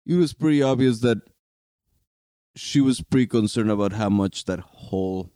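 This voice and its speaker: A man talking calmly and in measured words in casual chat as a podcast co-host. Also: lowish voice, no echo, clean studio sound.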